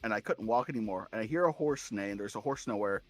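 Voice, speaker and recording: A man's voice: fairly low pitch, expressive, fast talker, dry recording. A man co-hosting a podcast, chatting casually and eagerly, often stumbling and repeating words as he starts sentences. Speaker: podcast co-host. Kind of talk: casual chat.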